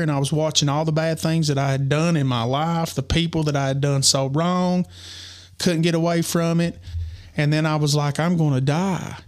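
A man, co-hosting a podcast and telling a personal story in an earnest, halting way full of restarts. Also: fairly high pitch. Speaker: podcast co-host.

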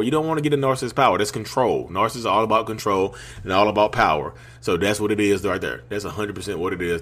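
A man's voice: mid-range voice, a bit bright. Casual man giving blunt advice. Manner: conversational, repetitive, informal slang, frequent tag questions. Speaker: vlogger and podcaster.

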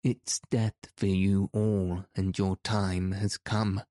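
A man reading a storybook, voicing a squeaky, indignant little royal gardener who insists on the rules. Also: level tone, slow pace, warm tone, no room sound, clean studio sound. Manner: indignant, self-righteous. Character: fussy little royal gardener, rule-bound and spiteful.

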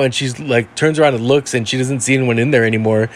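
A man's voice: medium pitch, fairly even intonation, quick pace, a bit bright. A man casually telling a ghost story he heard from a friend, rambling with lots of fillers. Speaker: guest storyteller.

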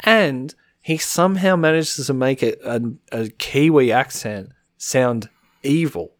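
A man's voice: mid-range voice, unhurried, no room sound, studio quality. Laughing, swearing podcast co-host man. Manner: laughs often, swears, acts out quoted voices. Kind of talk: casual wrestling podcast chat.

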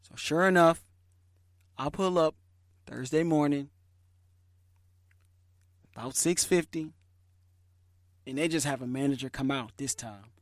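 A man's voice: on the high side, a little slow, pauses often, no room sound, clean studio sound. Chatty man telling a story. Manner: lively, chatty storyteller with slangy phrasing. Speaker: podcast host. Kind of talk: casual storytelling.

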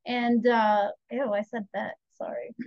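Podcast guest: young woman, lively storyteller, slightly dull lo-fi audio. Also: fairly high pitch, measured pace, no echo. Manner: chatty, animated, quotes herself and others. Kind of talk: candid personal storytelling.

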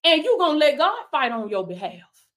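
A woman's voice: high-pitched, big pitch swings, fairly quick, a bit bright. A woman preaching a motivational sermon on a livestream, calling out to viewers with "come on now" and "baby" and reading out their comments. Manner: reads viewer comments aloud. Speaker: life coach and preacher.

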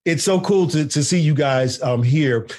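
A man hosting an esports podcast, a sports broadcaster talking in a chatty, animated way with fillers and interviewing guests over a video call. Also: fairly high pitch, normal speed. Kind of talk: casual podcast talk and interview.

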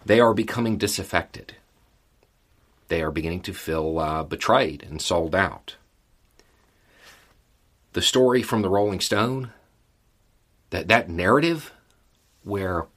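A man with a very deep, husky voice talks through the news in a folksy, conversational way. He leans on repeated phrases for emphasis and keeps an easygoing commentator's tone. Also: takes it slowly, pauses often, a bit bright. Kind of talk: casual political commentary.

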